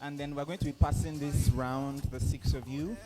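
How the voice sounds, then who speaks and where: A man's voice: on the high side, normal speed, music in the background. A man with a Nigerian accent hosting a live conference event, coaxing the crowd and running games. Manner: lively, coaxing crowd and players. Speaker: event host. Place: conference hall. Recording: echoey hall with faint noise.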